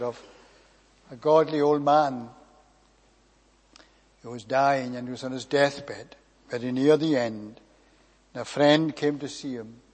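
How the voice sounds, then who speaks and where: A man preaching a sermon, measured and emphatic, drawing out key phrases and letting line endings fall quiet. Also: medium pitch. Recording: long hall reverb.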